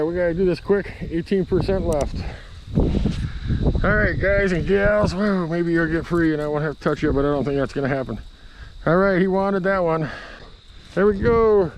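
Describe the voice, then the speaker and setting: A chatty man talks to the camera outdoors beside a creek, rambling and getting excited. His voice sits a little higher than most men's, with faint noise behind him. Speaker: fishing vlogger. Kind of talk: casual outdoor vlog chat.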